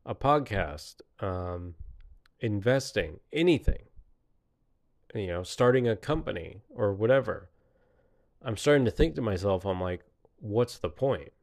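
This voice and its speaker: A man's voice: lowish voice, animated, a little slow, vocal fry, long pauses, darkish tone. A man in his late thirties in a rambling, reflective solo monologue, often laughing at himself. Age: 30s. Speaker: podcaster.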